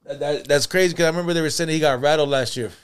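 A man co-hosting a casual podcast tells stories animatedly, acting out quotes and saying "bro" constantly. His voice is a little high, smooth, and very fast. The recording is dry, with faint music in the background.

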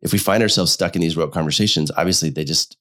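A man, a couples therapist, talking through ideas in a casual podcast conversation, thoughtful and halting, often restarting his phrases. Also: low-pitched, fairly bright tone. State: slightly unwell.

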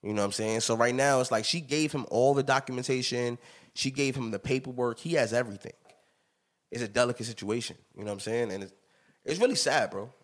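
Animated man telling stories on a podcast. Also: mid-range voice, fast talker. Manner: animated, emphatic storytelling with frequent laughs. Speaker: podcast host. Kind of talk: casual chat.

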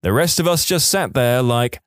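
A man's voice: medium pitch, animated, normal speed, dry recording, clean studio sound. A man reading listener-submitted stories aloud, with wry, sarcastic asides. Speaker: story narrator.

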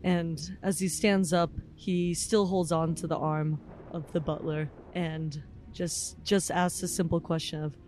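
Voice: medium pitch, little pitch movement, measured pace, few pauses, a little mellow, soft background music. A player in a tabletop game describing their character's actions in the third person, with some hesitation.

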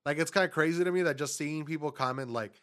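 A man's voice: a little high, quick pace, fairly bright tone. A man in casual podcast chat with a friend, laid-back and swearing often. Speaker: podcast co-host.

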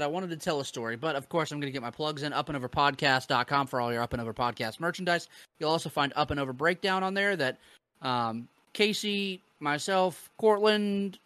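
Man, podcast host, casual loose delivery with swearing, bright forceful tone, dry close mic. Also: on the high side, animated, brisk, dry recording. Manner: loose, laughing, peppered with swearing and fillers.

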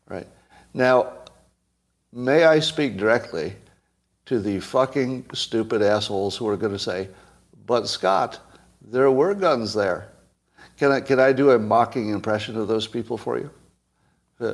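A man hosting a solo commentary monologue, blunt, sarcastic and emphatic. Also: lowish voice. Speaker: host.

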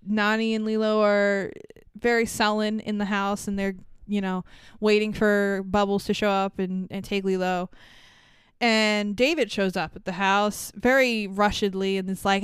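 Woman podcast host, crisp and dry, chatty and profane, laughs often. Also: mid-range voice, flat delivery, a little slow, dry recording. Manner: profane, laughing, acts out quotes. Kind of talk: casual chat.

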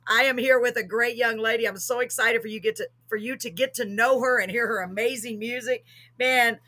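Bubbly bright-voiced woman host. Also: fairly high pitch, steady tone, brisk. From Texas. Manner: bubbly, laughing, jokey. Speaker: show host. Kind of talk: live show casual chat.

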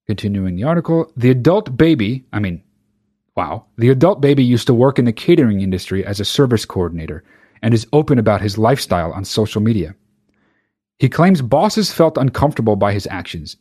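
A man's voice: mid-range voice, warm tone. A man hosting a comedy commentary show, reading a news article aloud and reacting with sarcastic, profane disbelief. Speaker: show host.

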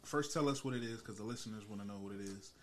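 A man's voice: lowish voice, racing, a little hiss or hum. A man hosting a casual podcast, telling profane stories about work. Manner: profane, storytelling, laughs often. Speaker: podcast host and paramedic.

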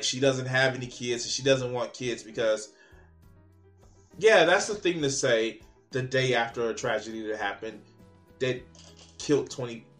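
Male reaction commentator, bright forceful voice, sarcastic and profane, exasperated delivery. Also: mid-range voice. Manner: mocking, exasperated, swears a lot.

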